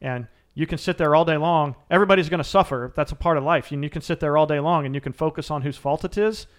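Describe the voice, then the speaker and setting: A former Navy SEAL turned mental coach answers interview questions as a guest, earnest and emphatic in a coaching manner. His voice is fairly high and he talks at a quick pace.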